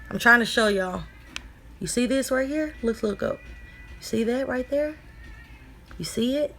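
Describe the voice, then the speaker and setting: A woman's voice: mid-range voice, a bit bright. A woman talking casually to her viewers, blunt and irritated, swearing freely as she points things out. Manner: talks straight to viewers as y'all. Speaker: vlogger. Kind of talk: casual commentary to camera.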